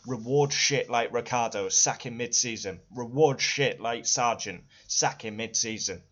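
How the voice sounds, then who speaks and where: A young man vents his fury straight to camera, swearing freely and circling back to the same grievances again and again. His voice sits at an ordinary middle pitch, and the audio is dull and lo-fi. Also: a little slow, a bit bright. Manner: furious, profane, repetitive outbursts. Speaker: F1 fan vlogger. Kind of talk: angry ranting vlog.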